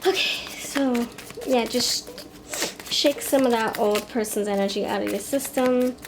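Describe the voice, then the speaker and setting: A woman's voice: a little high, a little slow, noisy background. A woman giving a pick-a-card tarot reading, thinking aloud in a rambling, frank way with many fillers and restarts. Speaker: tarot reader.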